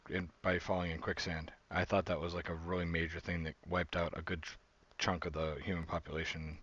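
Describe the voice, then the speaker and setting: A man's voice: low voice, no echo, lo-fi sound. A man from the United States, hosting a casual reaction video with rambling, jokey asides.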